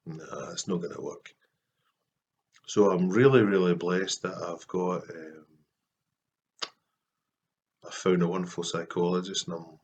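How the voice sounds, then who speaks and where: A Scottish man with a lowish voice speaks to camera in a casual, heartfelt vlog. He talks softly and earnestly, with frequent pauses and fillers. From Scotland. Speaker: Christian artist vlogger.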